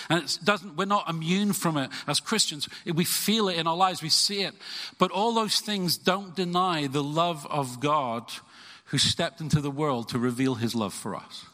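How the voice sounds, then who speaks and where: A man's voice: a little high, bright, forceful tone. Earnest preaching man in a reverberant hall. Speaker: pastor. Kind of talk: sermon. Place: church.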